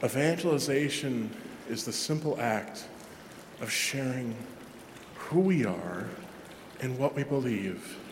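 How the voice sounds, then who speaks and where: A man, a Catholic parish priest, preaching a sermon in a chatty, self-deprecating way with lively asides. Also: medium pitch, slow, pauses often, slight background noise. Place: large church. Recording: echoey church with long reverb.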